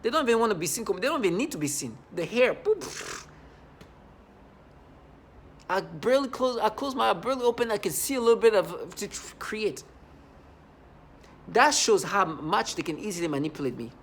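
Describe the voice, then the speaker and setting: A man talking to camera in a rambling, halting monologue, repeating words and stressing points earnestly. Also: sits high, animated, fairly bright tone, a little hiss or hum. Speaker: vlogger.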